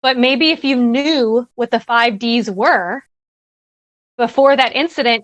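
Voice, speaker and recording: A woman's voice: on the high side, slow, a bit bright, dry recording. A woman presenting at a virtual summit, giving earnest, conversational advice and often checking in with "right?". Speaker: workshop presenter. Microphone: video call.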